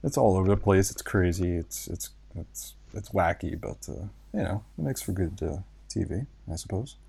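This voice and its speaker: A man in casual podcast chat, relaxed and wry as he tells stories. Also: sits low, moderate pace, gravelly, breathy edge.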